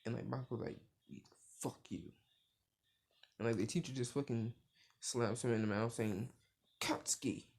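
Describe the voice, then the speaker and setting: Gravelly young man rambling through a story. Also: medium pitch, steady tone, a little fast, a little mellow. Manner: rambling, heavy filler words, profane. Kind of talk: casual fan-story retelling.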